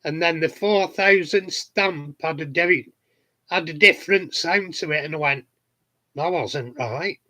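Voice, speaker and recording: Slow, bright-voiced Yorkshire man. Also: on the high side. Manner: cheeky anecdote-telling, plain-spoken. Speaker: hobbyist vlogger answering viewers. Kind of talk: casual chat. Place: home garden shed.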